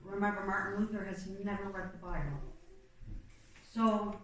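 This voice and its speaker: A woman's voice: medium pitch, fairly even intonation, normal speed, fairly bright tone. A woman preaches informally, telling history as a story and slipping into the voices of the people she quotes. She sounds distant from the microphone, with the sound ringing hard off a big reverberant room. A faint hiss sits underneath. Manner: conversational, storytelling with plain acted-out quotes and fillers. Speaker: church speaker. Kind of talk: informal sermon retelling church history. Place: church. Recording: very echoey room, mic far off, faint noise.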